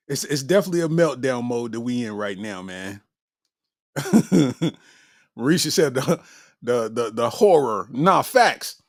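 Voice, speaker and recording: Lively, laughing male comedy podcast host. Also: medium pitch, unhurried, pauses often, dry recording, studio quality. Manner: laughs constantly, heavy slang, animated riffing. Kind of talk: casual comedic chat reacting to viewer comments.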